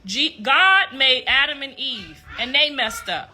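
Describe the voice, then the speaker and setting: A middle-aged woman hosting a casual livestream, croaky-voiced, talking loudly and laughing as she tells stories to viewers. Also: sits high, sing-song, a little slow, a little hiss or hum. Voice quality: croaky voice she likens to a frog. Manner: loud, laughing, storytelling, calls viewers y'all. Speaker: livestream host.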